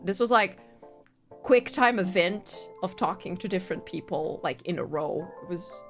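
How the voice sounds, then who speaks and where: A woman's voice: medium pitch, moderate pace, a bit bright. A woman streamer chatting casually, rambling and laughing often, with faint music behind her. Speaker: virtual streamer.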